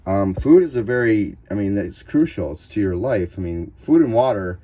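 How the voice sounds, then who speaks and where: A man's voice: lowish voice, expressive, normal speed, mellow. A man vlogging in a casual, rambling way, chatting and jumping from one topic to the next. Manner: chatty, scattered, jumps between topics. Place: at home, then outdoors in a store parking lot.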